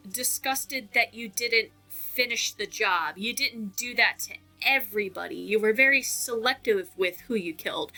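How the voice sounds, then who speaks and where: Young woman, really bright sharp voice, chatty video essay breakdown, middle pitch. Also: poor audio. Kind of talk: casual video essay analysis.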